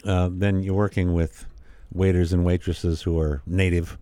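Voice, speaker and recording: Chatty man guest, low mellow voice, dry close sound; tells stories and slips into quoted voices. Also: flat delivery, unhurried, no echo. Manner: chatty storyteller, acts out quoted voices with laughs. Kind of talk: casual conversation.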